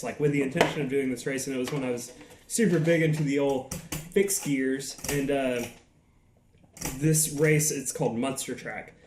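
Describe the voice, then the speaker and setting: A man's voice: mid-range voice, reverberant, slight background noise. A man with a Southern US accent telling profane, laugh-filled stories in a casual podcast chat. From American South. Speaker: podcast guest. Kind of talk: casual storytelling.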